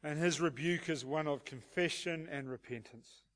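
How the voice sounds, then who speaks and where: A man's voice: on the high side, moderate pace, a bit bright. A man preaching an expository sermon and asking the congregation rhetorical questions. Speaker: pastor.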